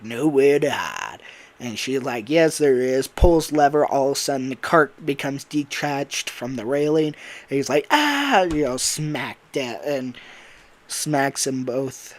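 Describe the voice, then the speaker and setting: A man's voice: mid-range voice, steady tone, measured pace. Rambling young man telling a fan story. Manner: rambling, laughs at himself, many fillers. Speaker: voice actor and YouTuber. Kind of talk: casual storytelling about a fan game idea.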